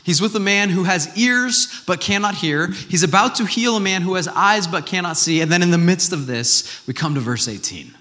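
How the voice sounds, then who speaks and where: A man in his thirties preaching a sermon as a pastor, conversational and animated, with lots of rhetorical questions. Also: sits high, moderate pace, hardly any pauses. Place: church. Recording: reverberant church hall.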